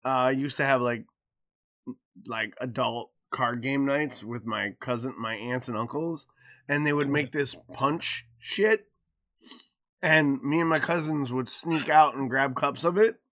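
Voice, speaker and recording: A man, a podcast co-host telling a story in casual chat, acting out the quoted lines with loud swings and a mouthy, cussing manner. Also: mid-range voice, measured pace.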